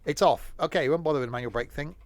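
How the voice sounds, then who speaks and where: A man's voice: a little high, rapid-fire. A man giving live gameplay commentary as a streamer, rambling and joking to himself as he plays. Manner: rambling, jokey talking to himself. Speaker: game streamer.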